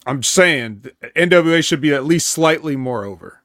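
A man's voice: fairly high pitch, animated, normal speed, fairly bright tone, no room sound, clean studio sound. A man co-hosting a wrestling podcast in casual chat, earnest and opinionated.

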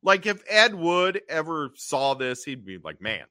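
Animated, bright-voiced male podcast host. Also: a little high, unhurried, no room sound, clean studio sound. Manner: animated storytelling, acting out quotes in funny voices; frequent throat clearing. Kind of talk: casual podcast recap.

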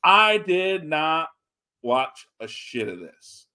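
Higher-voiced man rambling about wrestling. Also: takes it slowly, clean tone. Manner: rambling, animated, frequent restarts. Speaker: podcast co-host. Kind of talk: casual wrestling chat.

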